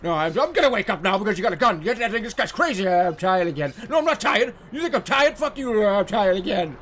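A man's voice: sits high, very animated, fast talker, fairly bright tone, a little hiss or hum. A man voicing a drowsy, jittery man on a dock who rambles between sleepy and alarmed. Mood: rambling.

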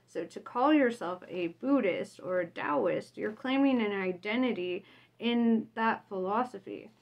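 A woman's voice: medium pitch, measured pace, vocal fry. Blunt, laughing woman vlogger. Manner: blunt, laughs often, tag questions. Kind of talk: casual reading of a personal reflection.

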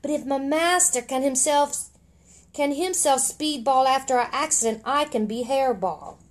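A woman's voice: high voice, normal speed, close to an everyday voice. A woman voicing an irritable, dismissive male talking pet cat while reading a storybook aloud casually. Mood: grumpy.

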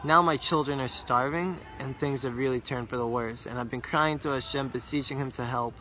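A man voicing a poor, desperate male water carrier who pleads with rising pitch. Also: steady tone, a little fast, sharp tone, faint music behind, natural voice. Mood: pleading.

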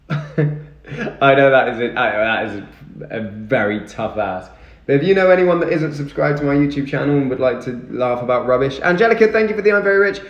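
With a mid-range, expressive voice and a quick pace, a young man livestreams casually, answering comments and thanking his viewers. The audio is dull, coming from an echoey room with music playing behind.

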